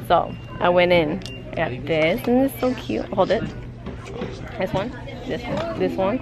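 A woman's voice: fairly low pitch, moderate pace, gravelly, over music, crowd noise. A woman vlogging while shopping in a store, chatty and giggly, teasing her partner. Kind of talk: casual vlog chat.

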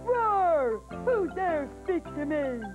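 A pompous storybook lion who lords it over everyone. He drawls each grand word slowly, his voice high and swooping for a big cat, over a bright music bed. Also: animated, poor audio. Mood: haughty. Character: proud boastful male lion, king of beasts. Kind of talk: children's TV storytelling.

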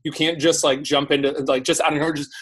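A man as a podcast guest in a casual conversation, talking in an animated way with lots of "like" fillers. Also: on the high side, fast talker, noisy background.

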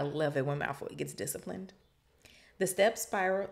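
A woman podcast host reading a novel aloud and breaking off for chatty, animated asides. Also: on the low side, moderate pace, vocal fry. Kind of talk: reading aloud with casual commentary.

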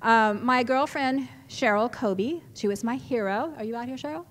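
A middle-aged woman, giving an animated storytelling talk to a live audience in a large hall. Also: a little high, normal speed. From California, USA. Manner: animated, chatty, laughs often, with restarts. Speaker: symposium speaker. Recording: echoey hall reverb.

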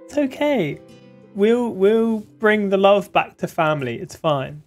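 A woman's voice: mid-range voice, animated, measured pace, a little mellow, faint music behind. A woman hosting a co-op gameplay video, chatty, teasing and reassuring. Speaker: gaming channel host. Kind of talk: casual co-op gameplay chat.

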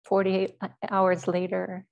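A woman Zen teacher speaks at a middle pitch, her voice often sinking into a gravelly fry. She tells a personal story in a dharma talk, quiet and measured, pausing often as she speaks. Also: completely flat delivery, dull audio.

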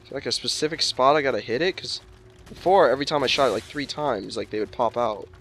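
A man's voice: medium pitch, fast talker, a bit bright, faint music behind. A man playing a video game and commenting casually, swearing often and snapping back at the game with exasperated outbursts. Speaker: let's play gamer.

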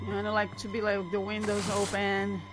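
A woman giving chatty, excitable gameplay commentary and laughing often. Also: mid-range voice, moderate pace, music in the background. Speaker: gamer.

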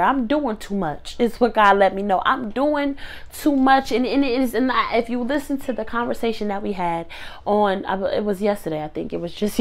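A woman speaking to her phone camera, near tears, giving a heartfelt faith-based motivational talk with repeated preacher-like builds. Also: a little high. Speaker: motivational vlogger.

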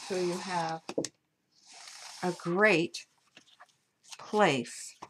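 Woman, lowish voice, chatty crafter demoing her work, faint hiss behind. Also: fairly even intonation, drawn-out words, a bit bright. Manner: chatty, gushing over materials. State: hiccups. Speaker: paper craft designer. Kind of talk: craft show-and-tell tutorial.

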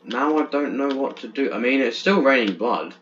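A young man doing let's-play commentary on a horror game, chatty and easily excited, tripping over his words in bursts. His pitch sits in an average range. The recording is dull and lo-fi, with a faint hiss under it. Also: normal speed. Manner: chatty, jumpy, stammers when excited. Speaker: gaming channel host.

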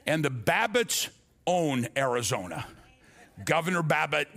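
An older male pastor delivers a storytelling sermon. His voice sits a little high for a man. He acts out the conversations he recounts, with frequent restarts and stammers. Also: a little slow, vocal fry. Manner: animated storyteller acting out dialogue, stammers and restarts.

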